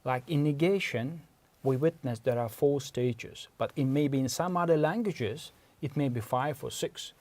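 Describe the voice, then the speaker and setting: A man's voice: mid-range voice, moderate pace, darkish tone. A man with an Uzbek accent, Uzbek his first language, giving a patient, methodical lecture as a language researcher. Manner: patient, methodical, stops often to clarify terms. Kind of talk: explanatory lecture.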